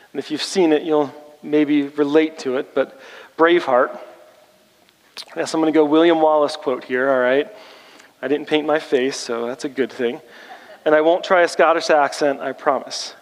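A man's voice: in a large hall, rough recording. A man pastor preaching a sermon, turning rallying and emphatic as he challenges the congregation. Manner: rallying, rising in pitch and force when challenging the congregation.

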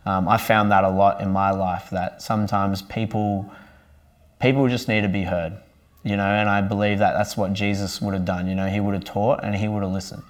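Earnest young man, lowish voice. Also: flat delivery, moderate pace. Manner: earnest and conversational. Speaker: church member sharing his testimony. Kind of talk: personal faith testimony, casual speaking.

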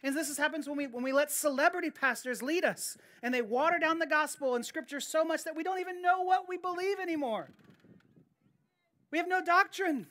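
A woman's voice: sits high, a little fast, a bit bright. A woman pastor preaching a sermon in an earnest, emphatic way, often repeating key phrases and restarting her sentences.

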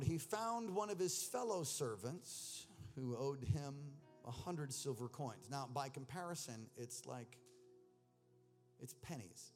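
A man preaching a sermon, animated, moving between loud emphatic reading and low, intense asides, with casual slang mixed in. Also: takes it slowly, faint music behind. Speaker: pastor.

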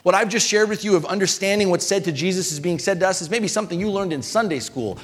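A man with a notably high speaking voice delivers a sermon to his congregation. He preaches earnestly and emphatically, circling back to the same phrases. His voice rings through a reverberant church hall. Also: fast, few pauses. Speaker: pastor.

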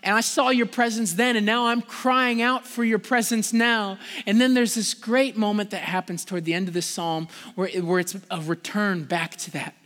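A man's voice: fairly even intonation, moderate pace, hardly any pauses, a bit bright. A man preaching a sermon in a casual, conversational way, full of "like", growing passionate and pleading at moments. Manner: passionate, rising in pitch and volume when pleading. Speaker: pastor. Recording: long reverb of a large hall.

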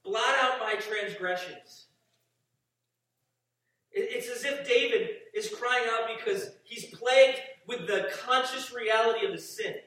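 A man with a high voice preaches in a church hall, reading scripture before pressing his points with repeated, fervent phrases. He stands well back from the microphone, and the room throws a heavy echo around every word. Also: moderate pace, hardly any pauses, a bit bright. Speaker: pastor. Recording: echoey hall, distant mic.

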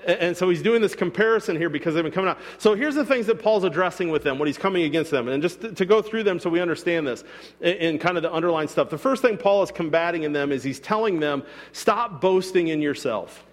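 A man's voice: on the high side, expressive, brisk. A man preaching a sermon as pastor, talking casually and acting out quotes, sometimes with sarcasm. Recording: long reverb of a church hall.

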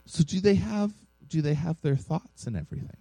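A man's voice: normal speed, vocal fry, dark tone, breathy edge. A man voicing his curious six-year-old son's questions in a lightly raised voice while retelling a story in a sermon. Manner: light raised-pitch quoting. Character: curious six-year-old boy, earnest and matter-of-fact.

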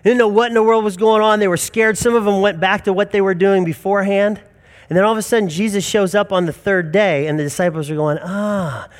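A man's voice: high-pitched, steady tone, fast. A man in his forties preaching a sermon in an earnest, emphatic storytelling manner. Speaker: pastor.

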